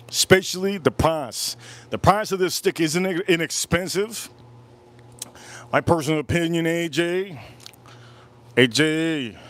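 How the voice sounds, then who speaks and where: Guy on a live stream tasting a cigar and whiskey, hyped, keeps laughing, kinda high voice. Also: fairly bright tone. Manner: enthusiastic, laughs often, repeats himself. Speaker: livestream cigar and whiskey reviewer. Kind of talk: casual live review.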